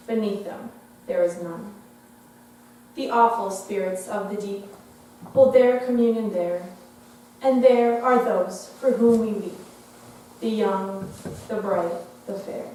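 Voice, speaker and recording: A teenage girl recites a poem slowly and dramatically, swelling to a louder voice and then dropping to a soft one. She sounds distant, with the long echo of a large school hall and a faint hum of the room behind her. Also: mid-range voice. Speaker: student contestant. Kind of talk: poetry recitation. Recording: echoey hall from far off.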